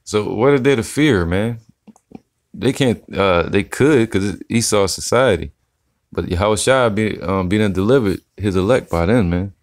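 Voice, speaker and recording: A man giving casual, slangy religious commentary, reading scripture slowly and tagging his sentences with "man". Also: fairly low pitch, no echo, clean studio sound. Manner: slangy, profane, preachy, says "man" often; slow deliberate scripture reading.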